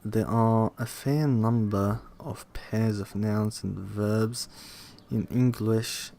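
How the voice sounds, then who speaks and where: A young man reading a linguistics textbook aloud in a slow, halting way, pausing to repeat words to himself. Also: on the low side, dark tone, slight background noise. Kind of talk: casual read-aloud study session.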